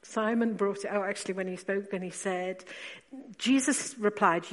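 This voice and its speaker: A woman preacher delivers a sermon at an unhurried, deliberate pace. Her voice sits at an ordinary middle pitch, and she leans on rhetorical questions, then drops into quiet asides. A long church reverb trails after each phrase.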